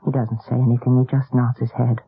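A calm, matter-of-fact figure, slightly husky; thin lo-fi radio sound. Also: male voice, medium pitch, fast talker. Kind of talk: 1970s radio drama acting. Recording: tinny lo-fi old radio broadcast.

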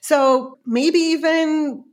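A woman's voice: sits high, fairly even intonation, extremely slow. A woman researcher with a non-native accent, explaining her study step by step in an interview. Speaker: researcher guest.

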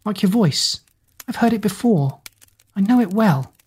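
A woman's voice: medium pitch, animated, measured pace, a little mellow, slightly rough, voice pushed up. A woman voicing a spirited teenage schoolgirl who talks in a blunt, questioning way. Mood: curious.

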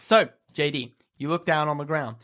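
Laughing game master narrating combat. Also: male voice, fairly high pitch, a bit bright. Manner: laughs through his own narration, quick bursts.

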